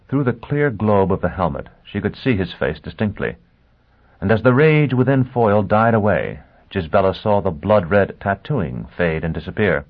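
Male audiobook narrator, measured storytelling, lowish voice, lo-fi phone-line audio. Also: expressive. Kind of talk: scripted narration. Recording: tinny phone-like sound.

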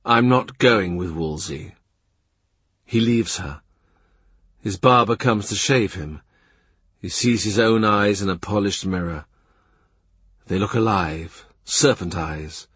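Husky male audiobook narrator. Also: fairly low pitch, no echo. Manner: measured, quiet, present-tense reading. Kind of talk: scripted literary narration.

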